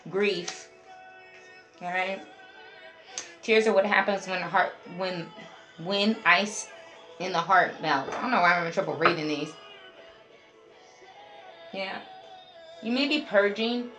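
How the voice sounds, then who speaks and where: A woman's voice: medium pitch, slow, long pauses, fairly bright tone. A woman giving a casual tarot reading, chatty and talking straight to her viewers as a group. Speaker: tarot reader. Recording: roomy echo, faint music behind.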